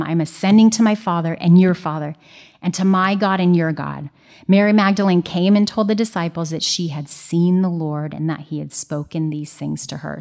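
A woman reads scripture aloud and then teaches on it in an earnest, conversational way. Her voice sits a little low, and she breaks into everyday asides from family life. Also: a little mellow. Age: young adult or middle-aged, married mother. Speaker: Bible teacher. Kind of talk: Bible study teaching.

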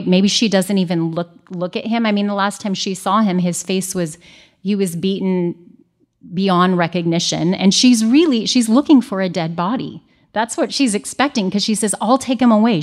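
A married woman giving an earnest, conversational Bible study teaching, mixing scripture reading with personal asides. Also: medium pitch. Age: young adult or middle-aged, married mother.

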